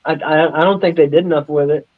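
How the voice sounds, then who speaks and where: A man's voice: a little high, fairly even intonation, quick pace, no room sound. A man co-hosting a wrestling podcast, chatting casually about shows he has been to. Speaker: podcast co-host. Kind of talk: casual watch-along chat. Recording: dry, muffled lo-fi mic.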